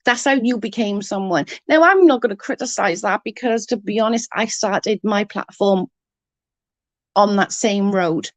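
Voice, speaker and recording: A woman's voice: mid-range voice, moderate pace, dry recording. A woman, ranting bluntly and mockingly as an online commentator, full of profanity. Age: 30s. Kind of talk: ranting live-stream chat.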